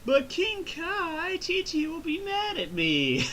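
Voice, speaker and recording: A man doing a goofy high-pitched voice for a clueless cheerful young hero. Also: wildly swooping pitch, slow pace, pushed and bright, slight background noise, heavily acted. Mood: whiny. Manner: goofy, clueless, sing-song. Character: dim-witted cheerful young male hero.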